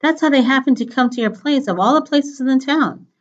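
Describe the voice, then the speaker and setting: A woman's voice: high-pitched, fairly quick, highs cut off, voice pushed up, lightly acted. A woman reading a cold, menacing kidnapper father. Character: menacing middle-aged male kidnapper, cold and bossy.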